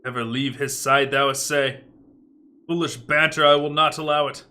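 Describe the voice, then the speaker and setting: A man's voice: on the high side, fairly even intonation, normal speed, pushed and bright. A man voicing a stern, pompous old king in a stage play, giving commands in archaic theatrical speech. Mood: commanding.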